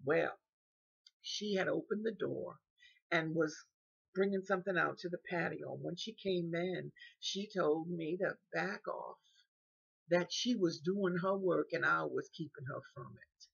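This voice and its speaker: A woman's voice: lowish voice, measured pace, vocal fry, slightly rough, highs cut off. An older woman telling a personal story, often repeating words and restarting, and acting out the speech of others.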